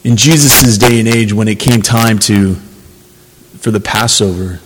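A man's voice: lowish voice, measured pace, big-room sound, background noise. A man preaching a sermon, earnest and conversational, building to emphatic passages. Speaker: pastor.

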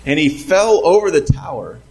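Man telling jokes to a crowd, slightly high-pitched, halting delivery with repeats. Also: big pitch swings, vocal fry, background noise. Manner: halting, repeats words, plays up punchlines. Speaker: speaker telling jokes to a group. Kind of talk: casual joke-telling.

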